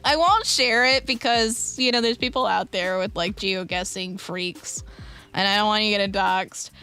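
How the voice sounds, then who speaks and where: A woman's voice: mid-range voice, sharp tone. A young woman streamer, chatting casually and playfully with viewers, giggling often. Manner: giggly, playful, quick tangents. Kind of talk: casual live-stream chat reading viewer messages.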